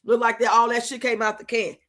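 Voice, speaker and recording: Young woman streamer, high bright voice, loud, profane, teasing chat host. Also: level tone, fast talker, a little hiss or hum. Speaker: livestream host. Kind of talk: casual live-stream chat reacting to a reality show.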